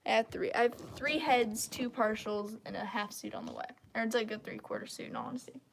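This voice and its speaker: A woman with a slightly high voice rants bluntly on a live stream. She rambles from point to point and airs her opinions without holding back. Her voice sounds congested, as if her throat is clogged. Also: a little fast, gravelly, slight background noise. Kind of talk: casual live-stream rant.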